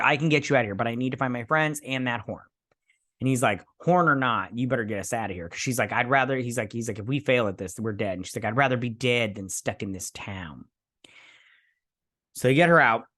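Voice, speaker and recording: A man recaps a show episode in loose, rambling chat, with a voice that sits at an ordinary middle pitch. He keeps slipping into quick impressions of the characters as he retells the scenes. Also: fairly bright tone. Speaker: show reviewer.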